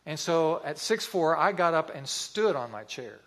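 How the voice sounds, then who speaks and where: A man preaching a sermon, telling a story in an earnest, vivid way with pauses. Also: on the high side, very animated, fairly bright tone.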